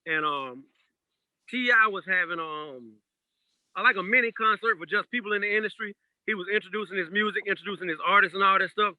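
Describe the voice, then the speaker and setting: Bright, lively man telling stories. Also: sits high, fairly quick, dry recording, poor audio. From Georgia, USA. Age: adult parent. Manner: animated storyteller, laughs through anecdotes. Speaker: guest DJ. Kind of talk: casual podcast storytelling.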